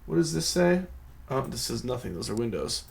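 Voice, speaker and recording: A man's voice: medium pitch, very animated, normal speed, creaky. A man giving live commentary on a geography guessing game, thinking aloud in a rambling, self-mocking way. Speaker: game streamer.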